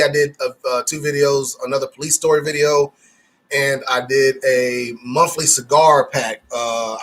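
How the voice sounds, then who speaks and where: A man's voice: mid-range voice, fairly bright tone. A man hosting a casual live stream, reading chat comments and talking loosely with stammered restarts. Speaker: livestream host reading chat.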